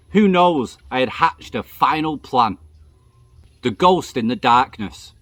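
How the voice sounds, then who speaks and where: A man and channel host reading a true story aloud in a steady, reflective storytelling manner. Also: medium pitch, no echo.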